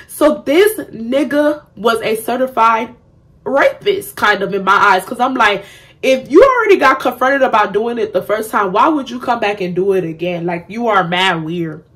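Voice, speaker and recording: Blunt, animated young woman telling a story. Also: fairly high pitch, normal speed. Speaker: vlogger. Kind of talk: storytime vlog.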